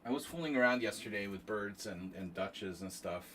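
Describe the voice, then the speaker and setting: With a lower, nasal voice that's animated, a bit bright, and moderately paced, a chess streamer hosting a tournament chats loosely with viewers as he plays online chess. His offhand asides run self-deprecating, and he sounds slightly far from the mic, with a faint hiss behind him.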